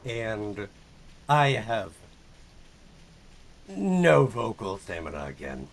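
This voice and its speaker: A man's voice: lowish voice, wildly swooping pitch, drawn-out words, creaky. A young man streaming a game, chatting casually in a rambling, self-mocking way and laughing often. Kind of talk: casual chat while gaming.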